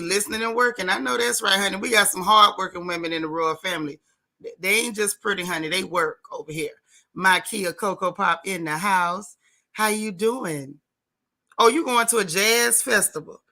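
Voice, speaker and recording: Gravelly, bright-voiced woman livestream host. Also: fairly high pitch. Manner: warm, chatty, Southern-Black-American vernacular, stretches greetings. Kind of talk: casual livestream chat greeting viewers.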